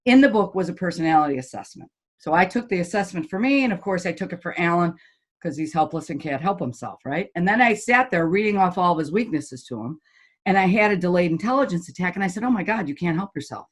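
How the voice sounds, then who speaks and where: A woman's voice: lowish voice, fast talker. A middle-aged woman, a golf teaching pro and motivational speaker, telling stories bluntly and vividly in a podcast interview. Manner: blunt, lively storyteller who acts out quoted voices.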